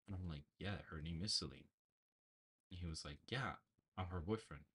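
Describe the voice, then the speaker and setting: A man hosts a political show from his bedroom on a livestream, chatting loosely and rambling through a story with many restarts. His voice is husky and sits fairly low. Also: moderate pace, fairly bright tone. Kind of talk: casual livestream chat.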